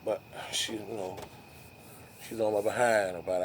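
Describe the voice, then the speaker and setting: A man's voice: lowish voice, fairly even intonation, unhurried, a little hiss or hum. A man vlogging to camera, telling a rambling story in a casual, musing way with frequent restarts.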